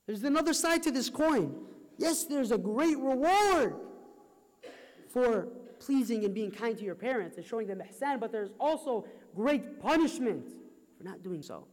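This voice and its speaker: A man's voice: extremely high pitch, sing-song, unhurried. A man delivering an impassioned sermon, pleading urgently with his listeners. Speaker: preacher. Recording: long hall reverb.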